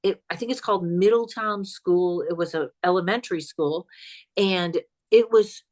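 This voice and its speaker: A woman guesting on a podcast as a psychic comedian, telling a spooky story in an animated, chatty way and laughing as she goes. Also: lowish voice, normal speed. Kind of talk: casual storytelling chat.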